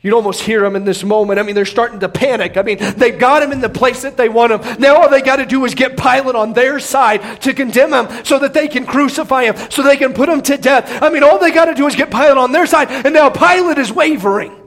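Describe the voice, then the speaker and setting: A man with a strikingly high voice preaches through a passage, pressing his points with emphasis. He doubles up words as he goes and now and then lifts into a near shout. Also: brisk, hardly any pauses. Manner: emphatic preaching, repeats words, bursts of raised voice. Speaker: pastor. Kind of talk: expository sermon.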